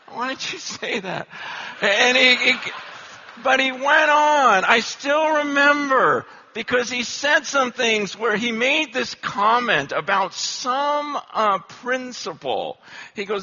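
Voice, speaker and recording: Animated self-deprecating preacher, bright voice. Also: male voice, extremely high pitch, takes it slowly, highs cut off. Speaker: pastor. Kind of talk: humorous sermon storytelling.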